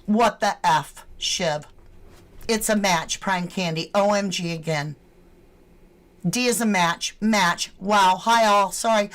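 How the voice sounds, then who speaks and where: Speaking slowly in a mid-range voice, this true crime channel host chats with her livestream audience. She greets viewers, reads out their names and swears casually.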